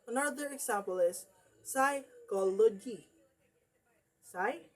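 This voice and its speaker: A woman's voice: mid-range voice, expressive, measured pace, a little mellow, slightly rough. A woman presenting a lesson strategy, repeating example words after breaking them into parts.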